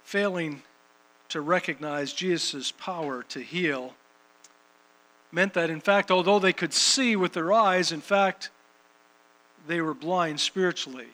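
A man's voice: on the high side, measured pace, pauses often, fairly bright tone, rough recording. A man preaching a sermon and reading scripture, emphatic, repeating phrases for rhythm.

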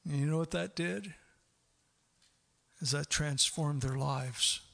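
A middle-aged man preaching a sermon in an animated way, laughing often and acting out quoted voices. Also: a little high, slow pace, gravelly. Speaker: pastor.

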